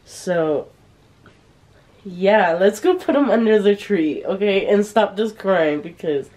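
At home indoors, a young woman talks to a handheld camera at arm's length in a casual vlog. Her mid-range, darkish voice moves at a slow pace, and her chat is confiding and packed with fillers.

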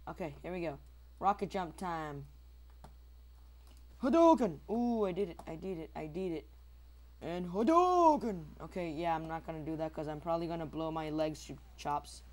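A man giving casual, rambling commentary over his own gameplay, mocking himself and mouthing squeaky shooting sound effects. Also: little pitch movement, a little fast, a little mellow. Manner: rambling, self-mocking asides to viewers. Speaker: gamer recording his own match.

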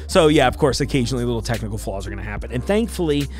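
A man's voice: mid-range voice, lively intonation, racing, faint music behind. A male podcast host giving a chatty, apologetic solo intro full of rambling asides.

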